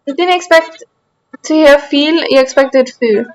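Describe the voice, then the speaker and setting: A woman's voice: high-pitched, measured pace, dull audio, a little hiss or hum. Chatty woman streamer, light Austrian accent. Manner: chatty, rambling, answers chat while playing. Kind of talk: casual gaming stream chat.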